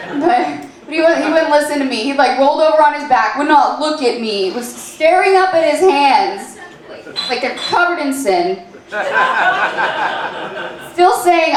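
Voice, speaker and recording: A woman in her late twenties doing stand-up, with a halting, filler-heavy deadpan delivery. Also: high voice. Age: 20s. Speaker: stand-up comedian. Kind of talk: stand-up comedy set. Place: comedy club stage. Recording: echoey club room.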